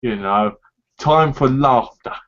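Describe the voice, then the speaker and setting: A man's voice: mid-range voice, slow pace, fairly bright tone, dull audio. A man co-hosting a casual chat about games, rambling and tagging his sentences with "right?" and "you know". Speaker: co-host.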